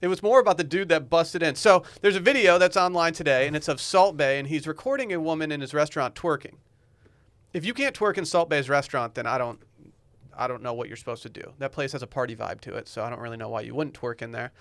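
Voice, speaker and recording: A man's voice: fairly high pitch, fast talker, fairly bright tone, no room sound. A young man co-hosting a casual podcast, telling rambling, jokey stories. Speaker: podcast co-host. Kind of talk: casual chat.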